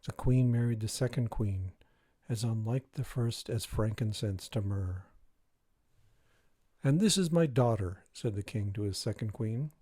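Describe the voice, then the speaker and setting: A man reading a dark fairy tale aloud in a measured, even way. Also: lowish voice, breathy edge, no room sound. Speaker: reader. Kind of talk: storybook reading.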